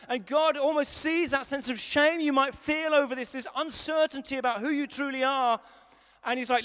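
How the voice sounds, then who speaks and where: High-voiced man preaching in a hall. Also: steady tone, moderate pace, fairly bright tone. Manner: conversational, emphatic repetition. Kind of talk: sermon. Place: large school hall at a church service. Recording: long hall reverb from a live service.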